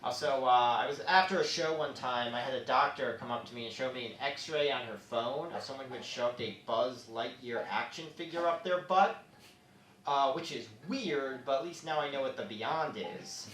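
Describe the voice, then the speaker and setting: A man performing a stand-up comedy set on a club stage, with quick asides as he moves between jokes. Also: mid-range voice, a little hiss or hum. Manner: lively, joke-driven, quick asides. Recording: echoey club from far off.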